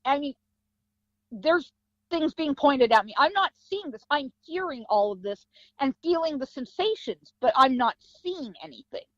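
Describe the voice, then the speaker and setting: A woman with a high voice tells a story in a guest interview, acting out sounds and voices. The recording is dry and a bit dull. Her telling is lively and full of drama. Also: normal speed, no room sound. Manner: vivid storytelling with sound effects and acted quotes. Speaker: guest, psychic medium and author.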